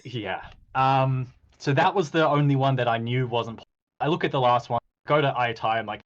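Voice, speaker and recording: A man in a casual chat, recounting a game in an animated way, acting out quoted exchanges with plenty of ums. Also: mid-range voice, fast talker, lo-fi sound. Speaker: podcast host reviewing a game.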